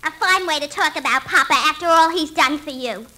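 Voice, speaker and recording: Squeaky naggy young daughter, old radio comedy, super high and bright. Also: female voice, fairly quick. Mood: indignant. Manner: scolding, nagging list delivery. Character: shrill indignant young woman, tavern owner's daughter. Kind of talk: 1940s radio comedy acting.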